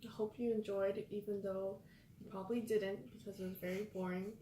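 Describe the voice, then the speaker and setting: A woman's voice: mid-range voice, level tone, brisk, warm tone, recorded from a distance, a little hiss or hum. A young woman vlogger in casual chat, rambling through stories. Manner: rambling storyteller. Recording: echoey room, off-mic, guitar music.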